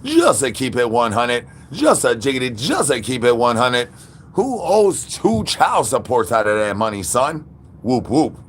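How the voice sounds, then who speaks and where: A man's voice: mid-range voice, sing-song, unhurried, a little hiss or hum. A man chatting with viewers on a livestream while standing outdoors, playful and full of goofy catchphrases and animal noises.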